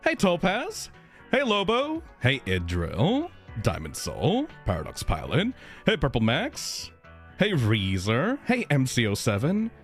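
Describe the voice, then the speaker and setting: A man's voice: mid-range voice, huge pitch swings, slow, soft background music. A man streaming live, chatting casually, greeting viewers and swearing a lot.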